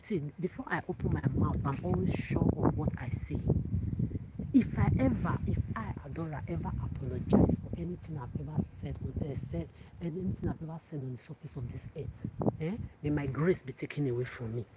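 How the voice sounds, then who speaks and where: A woman from Africa hosts a livestream, delivering an angry, defiant, profane monologue that keeps repeating itself. Her voice is low and a little fast, with loud background noise.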